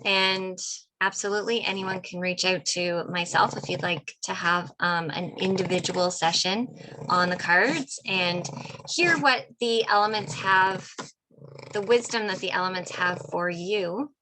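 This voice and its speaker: A woman's voice: lowish voice, unhurried, background noise. A woman hosting a casual online interview, chatty, with frequent ums and small laughs. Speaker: host.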